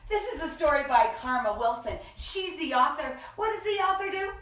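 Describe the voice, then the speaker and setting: High-voiced woman reading to kids, echoey. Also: expressive, a bit bright, recorded from a distance. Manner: slow, sing-song and playful, drawing out words. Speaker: children's story time host. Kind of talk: children's story time reading. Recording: echoey room, voice from off-mic.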